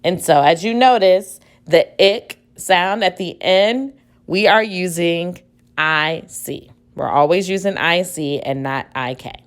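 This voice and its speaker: Speaking on the low side, a woman teacher dictates spelling words slowly and carefully. Each word gets said twice and spelled out one letter at a time.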